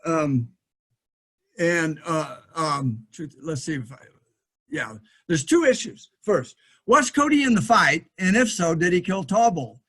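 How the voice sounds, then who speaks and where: Brief: middle-aged male lecturer, voice a touch high, halting delivery with many ums and restarts. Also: expressive, a bit bright. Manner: thinking aloud, frequent fillers and restarts. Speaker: historian giving a lecture. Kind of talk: lecture presentation with slides.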